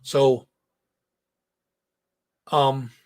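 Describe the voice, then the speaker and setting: A man hosting a casual live stream, hoarse, telling a rambling, profane story and breaking off to talk to his chat. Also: medium pitch, level tone, extremely slow, a little mellow. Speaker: host.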